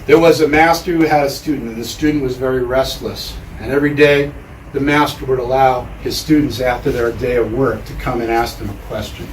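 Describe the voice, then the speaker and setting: A man giving a storytelling lecture in a measured way with deliberate pauses, in a lecture room. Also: medium pitch, fairly even intonation, slight background noise. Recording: roomy hall, mic far off.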